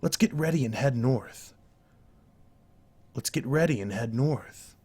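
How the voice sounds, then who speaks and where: A man's voice: mid-range voice, lively intonation, measured pace, a little mellow, slightly rough, voice pushed up. A man voicing an earnest young male hunter in a storybook reading, in a plain, earnest way.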